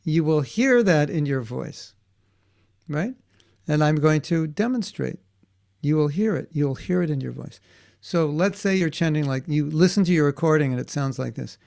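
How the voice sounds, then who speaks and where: A man's voice: on the high side, animated, normal speed, gravelly, a little mellow. A man teaching a class for children in a conversational way, often checking in with his students and restarting his sentences. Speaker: workshop teacher for kids.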